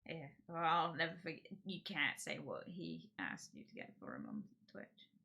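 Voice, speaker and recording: Giggly woman streamer, bright voice. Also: sits low, wildly swooping pitch, moderate pace, creaky. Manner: rambling, giggly, self-interrupting. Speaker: streamer host. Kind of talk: casual chat on a livestream.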